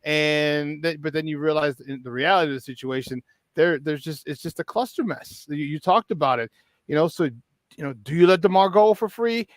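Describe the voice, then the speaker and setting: A man hosts a sports talk radio show, excitable and rambling, stumbling over repeated words. His voice sits a little high for a man. The sound is dry and close to the mic. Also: brisk, no room sound.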